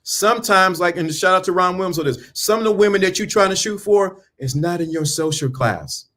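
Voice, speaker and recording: This channel host, a man in his fifties, gives a blunt, preachy motivational monologue, repeating himself and ridiculing the people he's turning away. His voice is a bit high for a man, with a brisk, bright and forceful tone.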